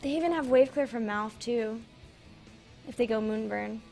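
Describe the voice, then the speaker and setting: A woman with a high voice casts an esports match, running through the lineups and calling the action at a brisk, upbeat clip. Game music hums faintly underneath. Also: gravelly, dark tone. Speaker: esports caster. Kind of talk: esports play-by-play commentary.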